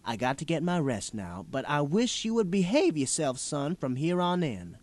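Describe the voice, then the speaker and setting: A man's voice: on the high side, big pitch swings, normal speed, a little mellow, pitched above the performer's own voice. A man reading a story aloud and voicing a large, stern but kindly older woman who scolds a boy firmly yet with care. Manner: firm, scolding yet caring.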